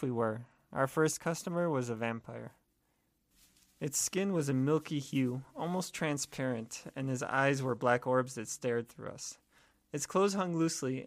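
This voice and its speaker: Guy reading a spooky first-person story, even pace, dry close mic. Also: medium pitch, dry recording. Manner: steady, measured storytelling. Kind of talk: scripted first-person horror narration.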